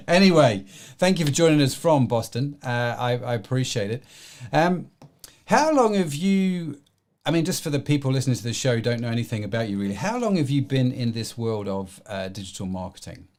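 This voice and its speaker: A man hosts a business podcast with a chatty, rambling way of talking, full of ums and restarts. His voice sits at a middle pitch. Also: animated, fairly quick, darkish tone. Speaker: podcast host. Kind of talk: podcast interview.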